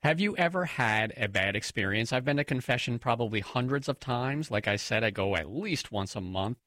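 Brief: male co-host, bright tense tone, lively pitch, dry close sound. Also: no echo. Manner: emphatic, quick to laugh. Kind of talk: casual chat.

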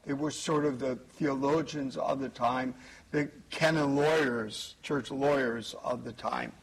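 Slow, husky priest giving a homily. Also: male voice, medium pitch, steady tone, rough recording. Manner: slow, measured, emphatic preaching with pauses. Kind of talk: homily at Mass. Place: church.

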